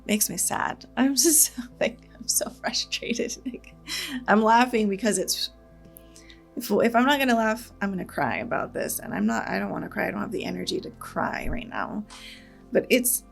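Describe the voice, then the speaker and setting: A woman's voice: medium pitch, creaky. A woman hosting a reaction channel. She talks in a casual, earnest, rambling way, with nervous laughs when she gets upset.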